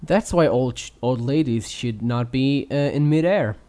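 A man chatting casually, dropping quick teasing, deadpan remarks. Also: mid-range voice, clear, resonant tone. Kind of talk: casual chat.

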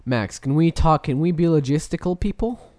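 A man co-hosting a comedic podcast over a video call, clowning around and switching between a squeaky high voice and a deep mumble. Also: animated, moderate pace, mellow, no echo, studio quality. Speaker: podcast co-host. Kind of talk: comedic casual chat. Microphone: video call mic.

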